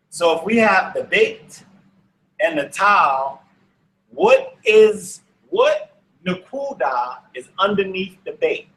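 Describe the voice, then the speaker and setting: Slow, bright-voiced man teaching in an echoey room. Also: high-pitched, wildly swooping pitch. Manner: patient, repeats words for students to echo. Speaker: Hebrew teacher. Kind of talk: slow classroom instruction.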